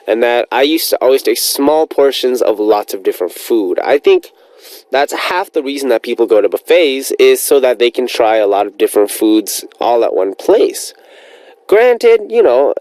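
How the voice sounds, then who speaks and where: A man's voice: mid-range voice, warm tone, dry recording, rough recording. A man hosting a radio show, chatting in an upbeat, rambling way as he reads out listener messages.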